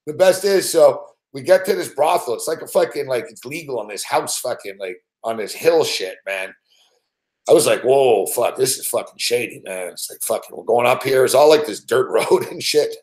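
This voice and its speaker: A man's voice: medium pitch, expressive, moderate pace, darkish tone. A man hosting a show, telling a long story in a rambling, profane way with frequent laughs and heavy swearing. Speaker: show host.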